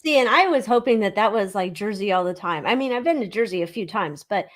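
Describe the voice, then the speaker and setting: A woman's voice: mid-range voice, lively intonation, quick pace. A woman from California co-hosting a tarot show, chatty and teasing in casual talk. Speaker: tarot reader co-host. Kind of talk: casual chat.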